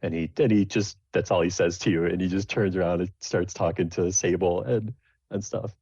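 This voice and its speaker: Low-voiced rambling game master. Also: male voice, steady tone, moderate pace, warm tone, slightly rough, no echo. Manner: rambling, many restarts and fillers. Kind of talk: narrating a tabletop game. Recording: dull lo-fi dry recording.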